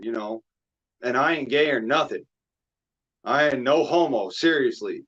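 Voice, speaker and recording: A man's voice: medium pitch, a little slow, a bit bright. Rambling cursing man, lo-fi mic. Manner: rambling, heavy cursing, repeats himself. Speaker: streamer hosting a chat panel. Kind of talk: emotional casual chat. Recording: dull lo-fi mic.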